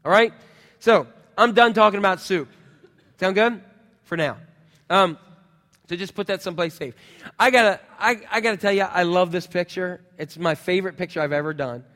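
Man, middle-aged, pastor, sermon, lively storytelling, sound effects, slightly high pitch, reverberant church hall. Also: normal speed.

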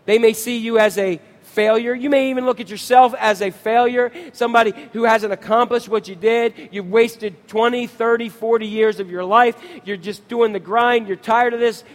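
Pastor guy preaching, high voice, keeps quizzing the crowd, echoey church. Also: moderate pace, hardly any pauses. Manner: animated, asks the congregation questions. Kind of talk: sermon.

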